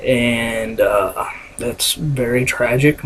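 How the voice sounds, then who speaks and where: A man from Kentucky with a Kentucky accent and a scratchy voice, talking to the camera in a casual vlog with halting pauses and many fillers. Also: medium pitch, steady tone. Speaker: vlogger. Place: small room with a door, indoors.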